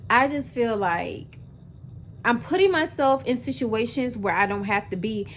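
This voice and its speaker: A woman's voice: fairly high pitch, expressive, measured pace, a bit bright, slight background noise. A woman in her twenties talking casually to camera as a vlogger, chatty and full of fillers, speaking straight to her viewers. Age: 20s. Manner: chatty, filler-heavy, addresses viewers as y'all.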